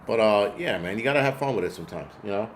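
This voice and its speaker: A man's voice: on the low side, expressive, fast, a little hiss or hum. A man hosting a casual livestream, rambling through profane stories and answering chat comments. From United States. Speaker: host.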